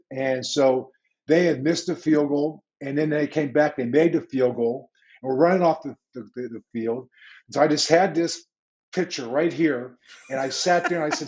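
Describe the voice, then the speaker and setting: Speaking at normal speed on a lo-fi recording, a man with a voice on the high side recounts stories in an interview. He's a Pittsburgh-accented former football coach in his sixties who acts out the exchanges with animation.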